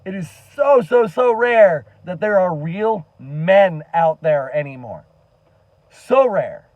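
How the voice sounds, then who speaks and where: A man's voice: sits high, expressive, slow pace, no room sound, phone-quality sound. A man giving an earnest, impassioned monologue to camera as a commentary vlogger, emphatic and swearing now and then.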